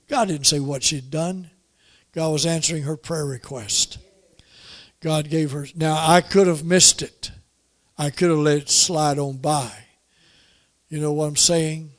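A man preaching a sermon, telling a personal story in a folksy way and pressing his points with emphatic repetition. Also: on the high side.

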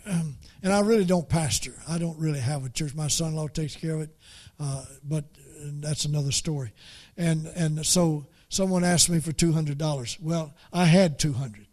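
A man preaching a folksy story, halting and repeating words as he goes. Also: on the high side, a little mellow. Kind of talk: storytelling sermon.

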